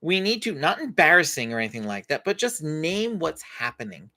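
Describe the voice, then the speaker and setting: A lively woman with a low-sitting voice and fairly quick pace coaches parents during a faith-based parenting Q&A on a home live stream. As host and parenting coach, she teaches expressively, acting out parent-child dialogue.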